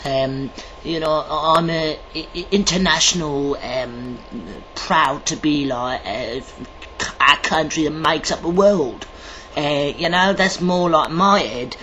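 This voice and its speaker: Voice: mid-range voice, slow, bright, forceful tone, highs cut off, a little hiss or hum. A vlogger from Ireland talking in a rambling monologue, stumbling over words, swearing often and drifting between accents. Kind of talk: casual video monologue. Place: lives in Germany.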